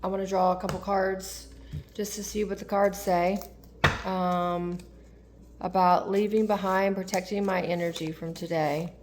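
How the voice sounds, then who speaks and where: A woman's voice: mid-range voice, flat delivery, a little slow, a little mellow, slight background noise. A young woman talking candidly in a personal vlog, rambling and confessional with lots of fillers. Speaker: tarot vlogger.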